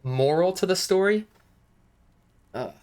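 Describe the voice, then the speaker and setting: A man's voice: sits high, lively intonation, unhurried, a little mellow. A man giving casual let's play commentary, with amused, wry asides while reading the game aloud. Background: faint game music.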